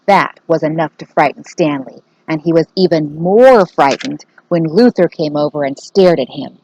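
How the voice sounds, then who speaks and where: A woman teacher reading a children's book aloud, expressive and aimed at young listeners. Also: deep voice, normal speed, rough recording.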